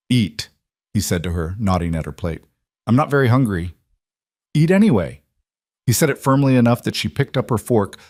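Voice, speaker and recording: Male narrator for a western story read, lowish pitch, dry close sound, steady measured delivery. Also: dry recording.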